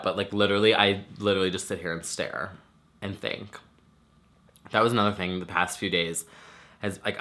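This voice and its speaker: A young man with a nasal voice tells stories in a loose, casual ramble, swearing freely and leaning on filler words. His voice sits a little low but sounds bright and forward. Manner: chatty, swears a lot, many "like" fillers. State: recovering from a swollen throat. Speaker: vlogger. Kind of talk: casual chat.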